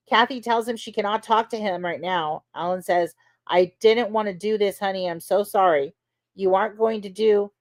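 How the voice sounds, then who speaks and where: A woman retelling court testimony in a loose, chatty way, often using "like" and "you know" as she goes. Her voice sits at a medium pitch and sounds dry and close, with no room echo. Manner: conversational, many fillers like "you know". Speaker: podcast host. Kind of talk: casual recap of trial testimony.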